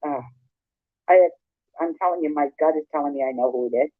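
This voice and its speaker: Man, caller, hesitant with fillers, slightly high voice, tinny phone line. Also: brisk, no room sound. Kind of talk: casual chat.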